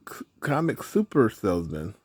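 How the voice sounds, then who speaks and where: A man's voice: lowish voice, very animated, normal speed, a little mellow, breathy edge, dry recording. A man voicing a bossy, self-assured young boy in a children's story reading. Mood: eager.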